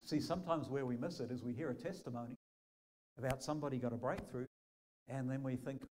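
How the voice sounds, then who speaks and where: Lively storytelling preacher man. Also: medium pitch, quick pace, a little hiss or hum, rough recording. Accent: New Zealand. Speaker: pastor. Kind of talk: sermon.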